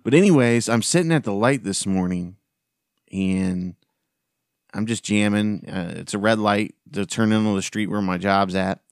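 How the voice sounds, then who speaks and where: A man's voice: on the low side, moderate pace, clear, resonant tone, no room sound, clean studio sound. Rambling man telling a story on a podcast. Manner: rambling, with many restarts and swearing. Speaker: podcast host. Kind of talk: casual storytelling chat.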